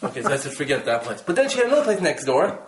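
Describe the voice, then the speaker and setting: A man casually telling the story of his trip, animated and laughing, acting out his own exclamations. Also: high voice, racing, roomy sound, over a noisy crowd, rough recording. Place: rented room.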